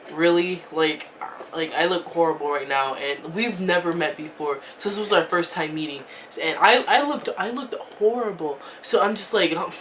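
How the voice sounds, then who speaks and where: A teenage girl tells a storytime vlog in a chatty way, filling her talk with "like" and "um" and laughing asides. Her voice is fairly low, recorded from a distance against a noisy background.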